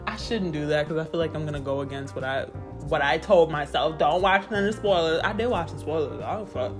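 A woman with a low, throaty voice rants casually about a game, swearing freely and sounding fed up. She keeps slipping into laughter as she vents, and faint music plays behind her. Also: a little fast. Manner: profane, exasperated, laughing ranting. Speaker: gamer reviewing a video game. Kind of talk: casual ranting vlog.

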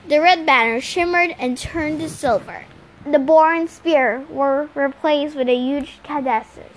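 A woman's voice: high voice, fairly bright tone, a little hiss or hum, rough recording. A woman reading a novel aloud in the first person, with small restarts. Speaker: reader.

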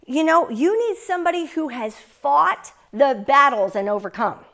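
A woman preaching a sermon in an emphatic, animated way, often repeating phrases for stress. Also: high voice, normal speed.

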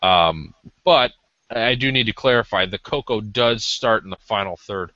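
Male podcast co-host, lower-pitched and bright, hesitant casual review, lo-fi sound. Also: moderate pace, dry recording. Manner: rambling, hesitant with many ums. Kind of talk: casual cigar review chat. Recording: dull lo-fi audio.

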